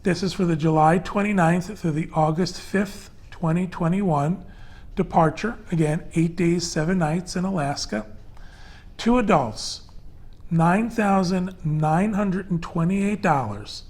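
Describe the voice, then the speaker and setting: A man's voice: high-pitched, a little slow, a little mellow. A man hosting a casual panel podcast, talking loosely with fillers as he walks through prices and details step by step. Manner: chatty, loose and conversational with many fillers. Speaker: podcast host.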